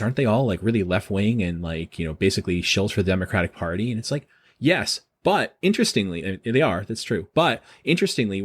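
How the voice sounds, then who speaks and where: Fast-talking low-voiced male professor. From Boston. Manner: quick, animated explaining with frequent restarts. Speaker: guest professor. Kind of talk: casual interview talk.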